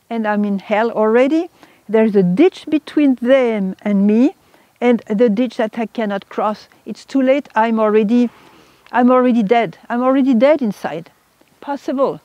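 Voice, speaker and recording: A religious sister speaks her personal testimony with earnest emotion. Her woman's voice sits a little high. The sound is dry and close, on a dull, lo-fi recording. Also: a little slow, dark tone, no room sound.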